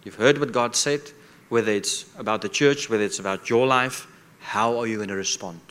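Bright-voiced man preaching. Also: on the low side, moderate pace, clear, resonant tone. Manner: repetitive preaching with rhetorical questions. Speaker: guest preacher. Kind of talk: sermon.

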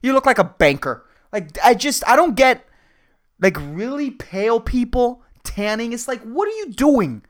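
A man's voice: very high-pitched, very animated, a little slow, fairly bright tone. A man hosting a solo comedy podcast, ranting in a profane, rambling way and laughing at his own jokes. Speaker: podcast host.

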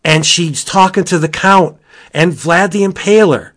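A man reviewing comic books in casual podcast chat, gushing and excitable, jumping to high exclamations. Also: unhurried.

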